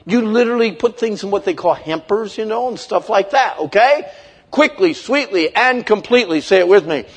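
A man in his fifties preaching a lively sermon, leading the congregation in call-and-response and acting out kids' complaints. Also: high voice, a little fast, few pauses, husky. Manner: animated, playful, acts out kids' voices. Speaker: pastor.

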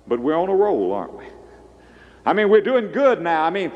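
A man preaching a sermon, swinging between hushed low lines and loud high bursts. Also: big pitch swings, moderate pace, long pauses. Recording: long echo of a large hall.

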